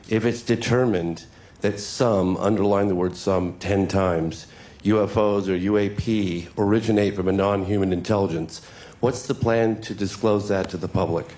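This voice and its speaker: A man's voice: on the low side, normal speed, a little mellow. A man politely asking earnest questions from the floor at a public briefing. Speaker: audience questioner at press event.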